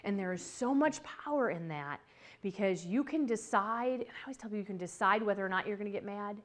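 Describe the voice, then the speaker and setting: This woman talks quickly in a mid-range voice while delivering a motivational talk about communicating at work. Her manner is chatty and lively, with easy laughter and acted-out voices for those she quotes.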